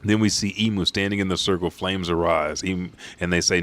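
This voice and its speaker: A man retelling a manga chapter in a casual, profane, excitable way. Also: deep voice, moderate pace. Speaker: manga recap host. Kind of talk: casual recap.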